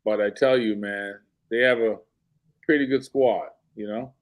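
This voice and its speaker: A man's voice: lowish voice, measured pace. A man in casual sports talk, telling a story with energy and acting out what people said. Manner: animated storyteller, acts out quotes. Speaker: guest.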